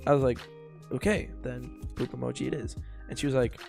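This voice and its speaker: A man's voice: mid-range voice, flat delivery, brisk, vocal fry, a little mellow, faint music behind. A young man co-hosting a podcast, telling a story in a rambling, casual way with lots of filler words and laughter. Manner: rambling, full of likes and laughs. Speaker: podcast co-host.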